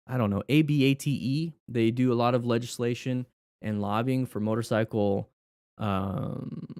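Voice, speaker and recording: A man's voice: fairly low pitch, steady tone, normal speed, darkish tone, clean tone, no echo, studio quality. Rambling man answering live-stream chat. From United States. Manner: rambling, self-correcting, thinks aloud. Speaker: motorcycle instructor hosting a live stream. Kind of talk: casual live-stream Q&A, reading viewer questions.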